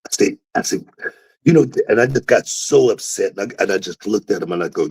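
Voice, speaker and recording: Deep-voiced animated storyteller man. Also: fast, slightly rough, dry recording, rough recording. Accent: Southern US. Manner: animated storyteller, acts out quotes with jumps in pitch. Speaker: podcast host, former wrestler. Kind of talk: casual storytelling.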